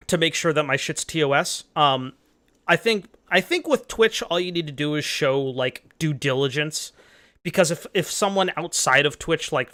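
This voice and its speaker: Brief: young man, livestream host, loose profane rambling, slightly high voice. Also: no echo. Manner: rambling, profane, loud reactions. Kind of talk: casual live stream chat.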